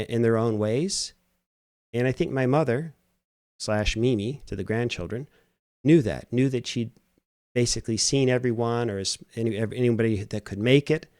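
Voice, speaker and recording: A middle-aged man hosting a reflective solo commentary, soft-spoken and halting, with frequent restarts. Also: medium pitch, no room sound, clean studio sound. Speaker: host.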